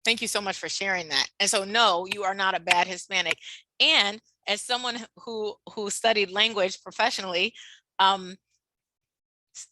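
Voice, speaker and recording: A woman presenting a workshop over a video call, with a bright, clear voice in a dry, close sound. She talks expressively, acts out what people said, and laughs often. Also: medium pitch, dry recording, rough recording. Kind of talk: animated webinar talk.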